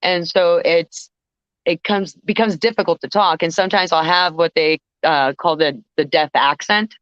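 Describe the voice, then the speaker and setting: A woman's voice: fairly low pitch, fairly even intonation, normal speed, fairly bright tone, smooth, dry recording. A woman, a guest vocalist, chatting on a podcast and telling stories in a rambling, self-interrupting way. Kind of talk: casual podcast conversation. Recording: slightly muffled dry recording.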